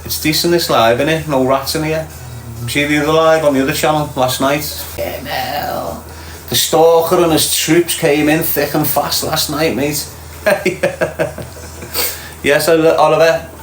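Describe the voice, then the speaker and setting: Soft background music accompanies a middle-aged man from Liverpool reading viewer comments on his casual stream. His voice is on the high side and steady at a normal speed, and he's blunt and swears freely. The room echoes, with faint ambience.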